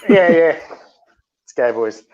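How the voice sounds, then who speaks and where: A man's voice: fairly high pitch, slow, dull audio. Sweary blunt podcast man. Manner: blunt, sweary, animated storytelling. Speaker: podcast co-host. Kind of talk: casual podcast chat.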